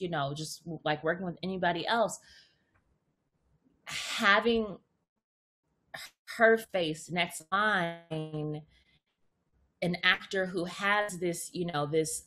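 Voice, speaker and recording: A woman actor as a podcast guest, telling stories in a casual, animated way, often stammering and repeating words. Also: fairly low pitch. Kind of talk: casual interview chat. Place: podcast recording.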